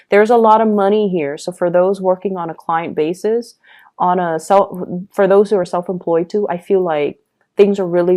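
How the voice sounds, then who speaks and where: Lady doing a chatty tarot reading, lowish mellow voice, keeps asking okay?. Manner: conversational, many fillers and "okay?" check-ins. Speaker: tarot reader. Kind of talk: pick-a-card tarot reading.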